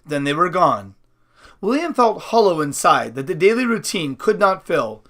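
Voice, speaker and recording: Guy reading an audiobook, kinda high bright voice, stumbles and restarts now and then. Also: big pitch swings, normal speed. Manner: unpolished, with slips and restarts. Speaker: audiobook reader. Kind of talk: reading a novel aloud.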